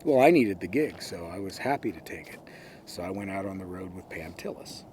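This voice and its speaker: Older man, rather low voice, relaxed anecdotal storyteller in an interview, faint background hiss. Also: a little fast. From San Francisco, USA. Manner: relaxed anecdotal storytelling, often quoting others. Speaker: interviewee, former record executive.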